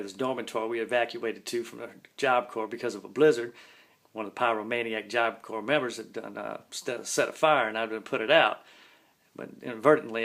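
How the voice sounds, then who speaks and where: Guy rambling thru an old story, folksy, lots of "you know, man", medium pitched voice. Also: creaky, a bit bright. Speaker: storyteller recalling his own past. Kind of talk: casual spoken storytelling.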